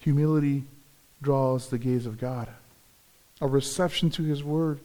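A man's voice: medium pitch, fairly even intonation, a little slow, warm tone. A man preaching a sermon as pastor, earnest and repeating key phrases for emphasis.

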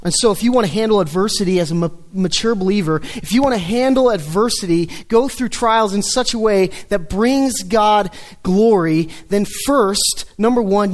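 A man preaching a sermon in an earnest tone, dropping low and soft for scripture quotes. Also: expressive, unhurried. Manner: earnest, dips low and soft when quoting the psalm.

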